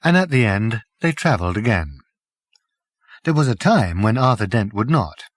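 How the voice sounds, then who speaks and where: A man narrating an audiobook with expressive storytelling. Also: fairly low pitch, normal speed, no room sound, clean studio sound.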